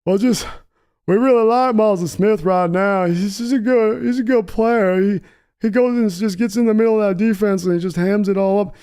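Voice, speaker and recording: A man's voice: high-pitched, normal speed, warm tone, clean tone, pitched above the performer's own voice. A man doing a meek whiny grown son. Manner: whiny, pleading.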